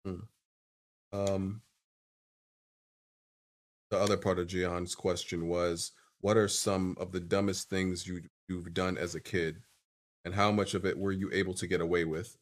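A man's voice: sits low, little pitch movement, measured pace, long pauses. A man hosting a casual podcast who reads listener questions aloud and jokes with his co-hosts. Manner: reads questions aloud, then teases the others. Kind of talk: casual chat.

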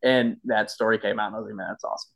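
A man's voice: lowish voice, steady tone, rapid-fire, vocal fry. A man hosting a casual podcast chat, eagerly prompting his guest. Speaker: podcast host, former player.

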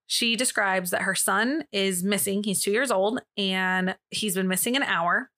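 A woman's voice: medium pitch, measured pace, bright, forceful tone. A young woman hosting a podcast, retelling a true-crime case in a casual, chatty way, laughing often and swearing now and then. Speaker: podcast host.

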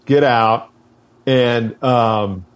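A man's voice: medium pitch, very slow, clean tone. A man, a military veteran, telling a war story in a blunt, casual way, swearing freely and restarting his sentences often.

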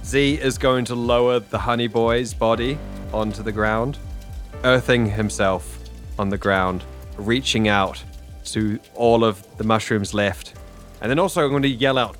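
A man's voice: mid-range voice, unhurried, soft background music. A man playing a tabletop game, casually stating his character's actions. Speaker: player.

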